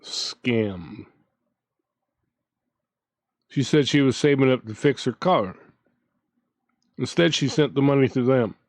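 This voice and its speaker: A man's voice: medium pitch, animated, takes it slowly, long pauses, dry recording. A man hosting his own channel, ranting in a casual, indignant way, with frequent restarts as he talks. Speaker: commentary channel host.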